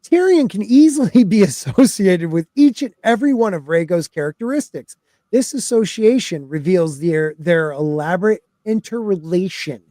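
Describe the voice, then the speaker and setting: A man's voice: high voice, lively intonation, normal speed, dark tone, dry recording, studio quality. A man hosting a casual podcast chat, reading fan theories aloud with playful emphasis and laughing often.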